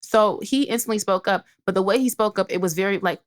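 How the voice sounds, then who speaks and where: A woman's voice: medium pitch, fast. A young woman co-hosting a podcast, telling a brash story in casual chat and acting out what people said. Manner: brash, storytelling, acts out quotes. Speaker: podcast co-host.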